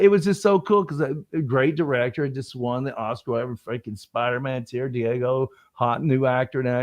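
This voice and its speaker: A man, an actor guest, telling anecdotes in casual chat and acting out the voices of people he quotes. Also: mid-range voice. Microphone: video call stream.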